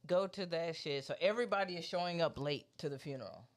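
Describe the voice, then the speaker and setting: Man, podcast co-host, smooth clear voice, fairly high, swears a lot, acts out the people in his story. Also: fast talker. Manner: loose, profane, animated storyteller who quotes people. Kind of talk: casual chat, storytelling.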